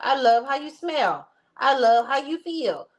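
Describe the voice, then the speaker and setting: A woman voicing a lovesick woman gushing over her man, in an overdramatic, swooning, drawn-out way. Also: high-pitched, animated, pitched above the performer's own voice.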